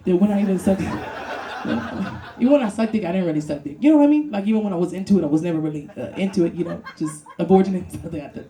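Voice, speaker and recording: A woman's voice: on the low side, expressive, quick pace, background noise. A woman from Brooklyn doing a stand-up comedy set on a club stage, brash and profane, laughing through her punchlines. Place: comedy club with live audience.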